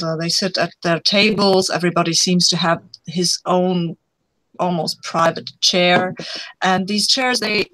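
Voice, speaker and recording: A woman player describing a scene in a tabletop game, pausing and rephrasing as she goes. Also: on the low side, a bit bright, dry recording, low-quality recording. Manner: hesitant, descriptive.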